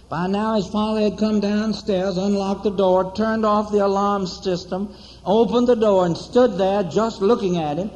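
A man preaching a sermon, telling a story with dramatic pauses and repeated rhetorical questions to the congregation. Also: high-pitched, fairly even intonation, a little mellow, a little hiss or hum. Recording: dull, echoey church hall recording.

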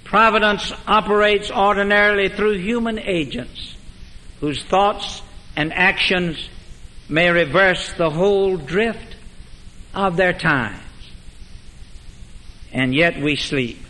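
Slow, bright-voiced preacher in a reverberant church. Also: male voice, high-pitched. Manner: measured, emphatic preaching with dramatic pauses. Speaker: pastor. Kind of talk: sermon. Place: large church sanctuary. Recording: long reverb of a church hall.

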